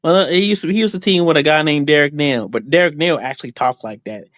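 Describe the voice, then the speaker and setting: This guest wrestler talks fast in a higher-pitched, fairly bright voice, delivering boastful trash talk in a loose, rambling way packed with fillers and restarts. It's a casual podcast interview with no room sound.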